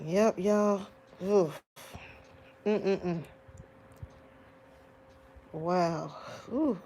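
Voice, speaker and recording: A grieving woman hosting a live chat with her viewers, tearful and soft-spoken, often sighing and drawing out her exclamations. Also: on the low side, drawn-out words, a little hiss or hum. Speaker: livestream host talking to viewers.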